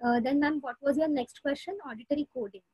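High-voiced woman explaining on a call. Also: fast talker, dark tone, no room sound, low-quality recording. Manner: explanatory, many hesitations. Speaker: audiologist speaker. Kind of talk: webinar explanation.

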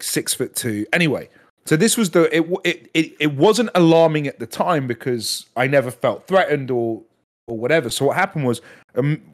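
A man in his thirties tells a story as a guest on a podcast, swearing freely and mimicking the other people involved. His pitch sits mid-range for a man. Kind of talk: casual storytelling chat.

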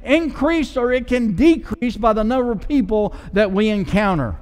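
A man preaching a passionate sermon as pastor, mixing loud swells with conversational asides. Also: high-pitched, animated, normal speed, few pauses, long reverb tail.

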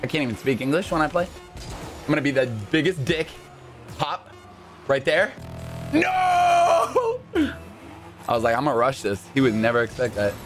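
A man hosting a gaming video, giving live gameplay commentary in an excitable way that jumps from calm chatter to high yelps. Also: fairly quick, long pauses, soft background music.

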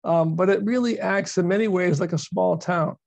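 A man's voice: high-pitched, moderate pace, gravelly, a little mellow, no echo. A man giving a virtual presentation as a university speaker, explaining at length and repeating words for emphasis. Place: video call. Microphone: video call microphone.

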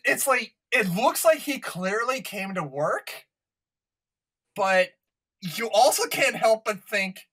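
A man's voice: high voice, sharp tone. A tipsy man on a podcast, recapping a film plot and laughing easily in casual chat. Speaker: podcast host.

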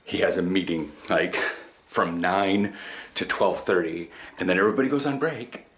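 Low-voiced man chatting in a vlog. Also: moderate pace, fairly bright tone, slight background noise. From US Pacific Northwest. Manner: chatty, profane, laughs often. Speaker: vlogger. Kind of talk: casual vlog chat.

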